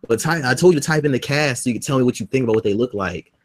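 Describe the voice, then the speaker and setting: A man co-hosting a podcast in casual chat, loud and teasing, swearing often. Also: mid-range voice, lively intonation, racing, crowd noise, rough recording. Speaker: podcast co-host.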